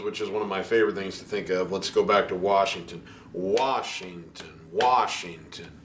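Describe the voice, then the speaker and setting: A man teaching piano in a relaxed, chatty way, counting beats aloud as he explains. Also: on the low side, slight background noise. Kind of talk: casual instructional talk at the piano. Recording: piano music under the voice. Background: piano playing.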